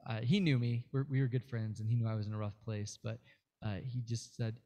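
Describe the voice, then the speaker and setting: A man with a warm, mellow voice at an ordinary pitch, chatting as a guest musician. He tells long, winding stories and fills them with fillers and restarts as he goes. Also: fairly even intonation, brisk. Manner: rambling storyteller, many fillers and restarts. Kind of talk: casual interview chat.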